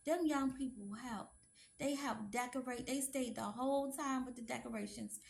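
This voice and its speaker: A woman's voice: on the high side, moderate pace, vocal fry, darkish tone, a little hiss or hum. A woman, telling a story to her viewers in a chatty, emphatic way. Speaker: vlogger.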